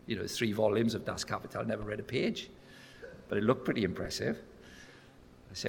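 A man preaching a sermon, telling stories with acted-out voices and building to loud, emphatic peaks. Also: medium pitch, fairly quick, creaky, pauses often, a little hiss or hum. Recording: echoey hall sound.

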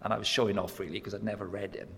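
Gravelly preacher in an echoey hall. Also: male voice, lowish voice, very fast, slight background noise. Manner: lively storytelling, acts out voices, builds to loud emphatic peaks. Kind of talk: sermon.

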